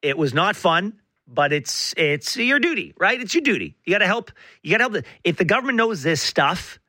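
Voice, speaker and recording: A man's voice: high voice, very animated, brisk, sharp tone, no echo. A man from Canada co-hosting a show, joking in a sarcastic, mock-serious way. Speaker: radio show co-host. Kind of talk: comedic banter.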